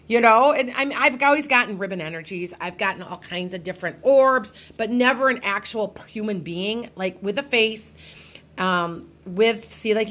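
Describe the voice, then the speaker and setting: A woman's voice: on the high side, fairly bright tone. A middle-aged woman, a psychic medium, telling a personal ghost story to her followers in a casual, rambling way with many restarts.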